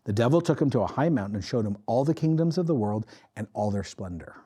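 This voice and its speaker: A male pastor delivering an animated sermon from the pulpit. His voice is mellow and warm, sitting at an ordinary pitch for a man. He swings between raised, emphatic lines and hushed, intense ones, and puts on voices for the people he quotes. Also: fast, slightly rough. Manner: animated preaching, acts out quoted voices, drops to quiet intensity. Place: church.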